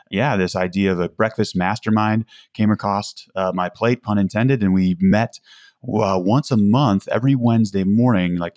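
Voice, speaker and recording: Low-voiced male guest, earnest and emphatic, close dry mic. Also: no room sound. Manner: earnest, emphatic, with many restarts. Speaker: podcast guest, recovery community founder. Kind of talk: conversational interview.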